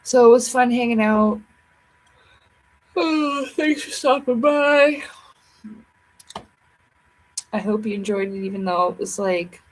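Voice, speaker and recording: A woman's voice: medium pitch, low-quality recording. A tired woman chatting playfully and ramblingly with viewers on a casual livestream.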